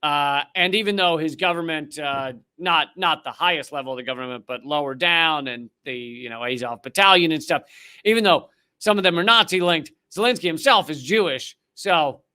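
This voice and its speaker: A man's voice: fairly high pitch, expressive, normal speed, bright, forceful tone. A man hosting a political comedy commentary, reading a document aloud and breaking off with sardonic asides. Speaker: host.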